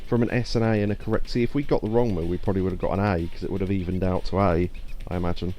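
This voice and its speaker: A man's voice: sits low, fairly even intonation, racing, warm tone. A man chatting casually while streaming a video game, reading out chat messages and joking at his own expense. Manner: chatty, self-deprecating, reads chat aloud. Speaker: gaming streamer. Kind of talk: casual let's play commentary.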